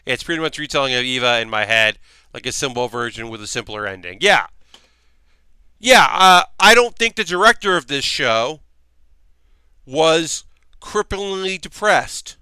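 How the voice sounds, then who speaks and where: A man's voice: mid-range voice, animated, normal speed, sharp tone, clear, resonant tone, no room sound. A man hosting a livestream, chatting loosely and profanely and answering comments from chat as he talks. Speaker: livestream host.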